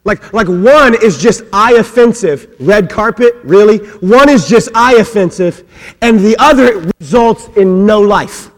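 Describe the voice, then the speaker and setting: A man preaching a sermon, swinging between loud, raised passages and hushed, quiet ones, acting out quoted voices with humorous asides. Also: high voice, lively intonation, a little slow. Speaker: pastor. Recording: long hall reverb.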